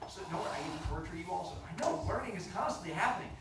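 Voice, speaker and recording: A man's voice: high-pitched, lively intonation, very fast. A middle-aged man teaching a class, teasing his students in a playful, mock-stern way. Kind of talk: classroom instruction. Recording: echoey classroom from far off, noisy.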